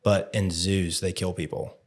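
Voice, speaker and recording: A man hosting a podcast interview, relaxed, with frequent yeahs and rambling questions. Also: deep voice, a little slow. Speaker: podcast host. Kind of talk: casual interview.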